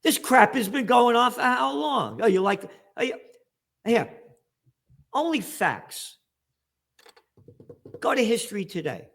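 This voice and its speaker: Sarcastic ranting man, high-pitched, very animated delivery, shouting bursts. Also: measured pace, creaky, long pauses. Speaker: guest commentator. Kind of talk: ranting political commentary.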